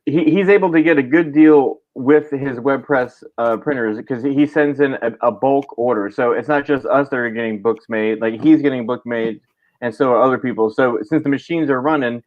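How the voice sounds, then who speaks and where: A man's voice: medium pitch, no room sound. Laid-back male guest on dull lo-fi audio. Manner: laid-back, explaining, many fillers. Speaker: comic creator guest. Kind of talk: casual livestream chat.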